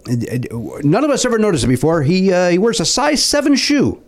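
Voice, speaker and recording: A man's voice: high-pitched, huge pitch swings, brisk. A man hosting a comedy podcast, joking and rambling with lots of fillers and asides. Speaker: podcast host. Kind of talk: comedic podcast banter and read ads.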